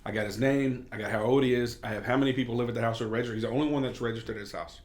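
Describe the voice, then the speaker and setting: A Kentucky state representative talks candidly in a casual sit-down conversation, telling stories and cursing now and then. His medium-pitched voice is steady, very fast, and a little mellow, with a reverberant sound.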